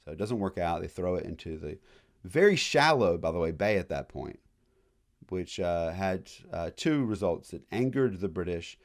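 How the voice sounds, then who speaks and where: A man giving a casual college history lecture in a classroom, joking and acting out quick voices of historical groups. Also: sits low, lively intonation.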